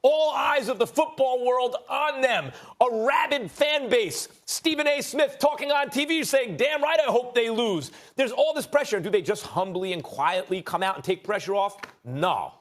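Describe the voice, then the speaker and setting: A man making rapid-fire, argumentative rebuttals as a host on a televised sports debate show. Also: extremely high pitch, fairly bright tone. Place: TV studio.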